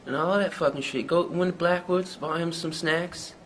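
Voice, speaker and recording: An actor with a Newfoundland accent playing a young small-town rapper who rambles through a hazy, profane story in an interview. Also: male voice, on the high side, steady tone, normal speed, fairly bright tone, a little hiss or hum, lightly acted, low-quality recording. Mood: rambling. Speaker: mockumentary interviewee.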